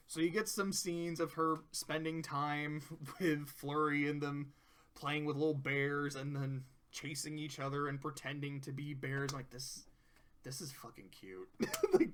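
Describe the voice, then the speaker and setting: A man's voice: a little high, flat delivery, unhurried, a bit bright, a little hiss or hum. A man casually reviewing cartoon episodes, rambling, laughing often and swearing.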